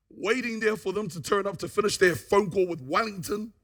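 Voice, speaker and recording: Bright-voiced New man telling his story. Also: sits high, a little fast, few pauses. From New Zealand. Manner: animated storyteller who acts out what people said. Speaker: guest speaker giving a testimony. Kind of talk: church testimony storytelling.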